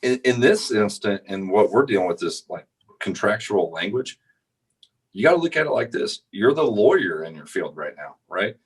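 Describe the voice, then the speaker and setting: A man's voice: lowish voice, sing-song, moderate pace, breathy edge. A married man co-hosting a sales podcast, talking emphatically and repeating words as he works out his point. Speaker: podcast co-host. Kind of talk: casual chat.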